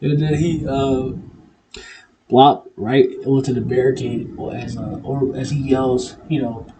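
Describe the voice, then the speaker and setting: A man giving a casual wrestling recap, animated, laughing often and swearing, with lots of fillers. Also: mid-range voice, measured pace, noisy background. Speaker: wrestling commentator vlogger.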